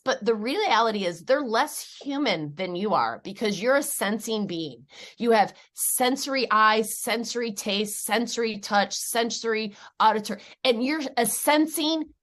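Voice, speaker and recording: A woman in her forties from upstate New York, telling stories in an interview and jumping high and loud when she gets excited. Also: normal speed. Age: 40s. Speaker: guest. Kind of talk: animated interview storytelling.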